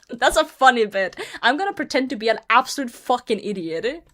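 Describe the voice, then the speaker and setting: A woman's voice: fairly high pitch, lively intonation, fairly quick, fairly bright tone. A woman streamer chatting casually and reading a story aloud, breaking in with blunt, profane commentary and frequent laughter. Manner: blunt, swears often, laughs through her reading.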